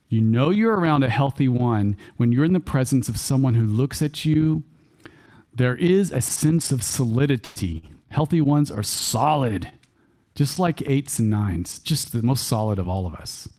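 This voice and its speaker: A man with a Texan accent giving a church workshop talk, animated and folksy, chuckling often and repeating key phrases for emphasis. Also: mid-range voice. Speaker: workshop speaker. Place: church hall.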